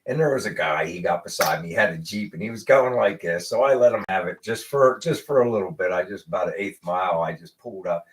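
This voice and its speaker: Host, American man, low voice with wide swings, animated storyteller in casual chat. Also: fast, hardly any pauses, a little hiss or hum. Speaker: podcast host.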